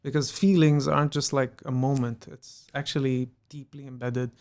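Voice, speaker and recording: A young adult man from the United Arab Emirates, a stand-up comedian chatting in an interview, telling animated stories and acting out the people in them. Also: medium pitch, moderate pace. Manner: animated storyteller, acts out quoted people. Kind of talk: casual interview chat.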